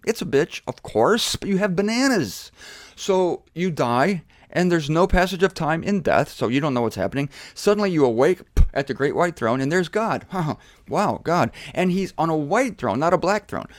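Animated, irreverent man preaching. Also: fairly high pitch, normal speed, no echo, studio quality. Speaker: Bible teacher. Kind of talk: casual sermon on camera.

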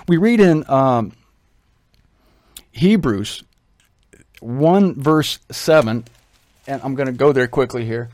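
A man's voice: fairly high pitch, darkish tone, no echo. A man with a slightly raised voice teaches the Bible over the radio. He pleads and presses his points earnestly, sometimes repeating words. The sound is dry and close, with no room around it.

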